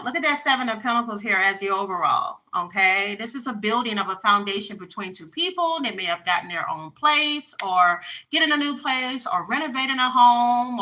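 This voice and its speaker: A woman's voice: fairly high pitch, sharp tone, low-quality recording. A woman, chatting bluntly and casually through a tarot reading for her viewers. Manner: chatty, blunt, frequent fillers. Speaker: tarot reader.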